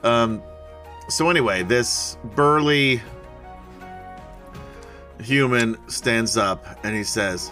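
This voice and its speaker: Bright-voiced man narrating as game master. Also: medium pitch, slow pace, long pauses, soft background music. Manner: rambling, laughs often.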